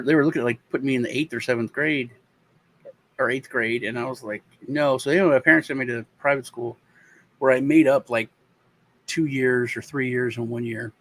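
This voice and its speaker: Brief: American man, mid-pitched voice, rambling casual storyteller, lots of restarts. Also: fairly even intonation, poor audio. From United States. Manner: rambling, halting storyteller with many restarts and fillers. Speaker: co-host telling a childhood story. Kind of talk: casual chat.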